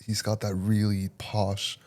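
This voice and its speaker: A man co-hosting a casual tech podcast, giving relaxed, measured comments. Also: on the low side. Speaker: podcast co-host.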